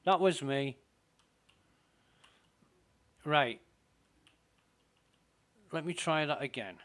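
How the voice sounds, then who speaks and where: Slow, muttering man gaming. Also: fairly high pitch, expressive, a bit bright. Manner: slow, muttering to himself, self-deprecating. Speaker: streamer playing a space game. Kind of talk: casual gameplay commentary.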